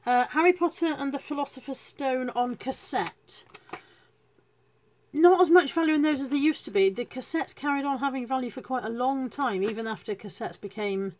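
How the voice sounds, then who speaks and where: A woman's voice: high-pitched, moderate pace, darkish tone, a little hiss or hum. A woman chatting casually to viewers on a live stream, self-deprecating and greeting people as she goes. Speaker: reseller hosting a live stream.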